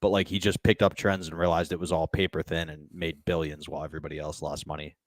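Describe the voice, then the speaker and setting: Deep-voiced man with a dry sound. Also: flat delivery, fast, dry recording. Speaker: podcast co-host. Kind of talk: casual chat.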